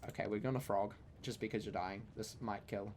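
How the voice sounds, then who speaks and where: A man's voice: lowish voice, steady tone, fairly quick, darkish tone, slight background noise. A young man with a New Zealand accent, chatting casually and teasing while gaming on a stream. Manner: easygoing, teasing, playful.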